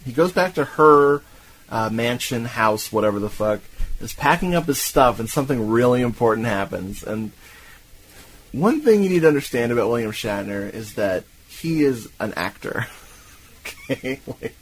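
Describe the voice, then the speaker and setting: A man from Tampa co-hosting a podcast, retelling a film plot in a lively, profane, laughing way. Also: mid-range voice, moderate pace, rough recording. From Tampa, Florida. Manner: animated, laughing, profane storytelling. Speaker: podcast co-host. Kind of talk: casual movie-recap chat.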